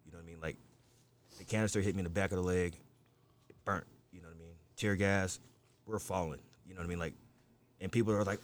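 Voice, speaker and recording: A man with a low voice tells a rambling story in casual conversation. He swears freely and leans on "you know" and "like" as he talks. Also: steady tone, quick pace, pauses often, a little hiss or hum. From United States. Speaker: storyteller in a group chat. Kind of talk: casual chat.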